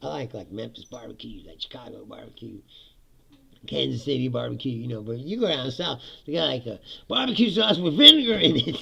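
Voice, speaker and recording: Gravelly man ranting and laughing. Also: mid-range voice, lively intonation, fairly quick, bright, forceful tone, dull audio. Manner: profane, laughs often, mocking voices. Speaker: host. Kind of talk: casual monologue.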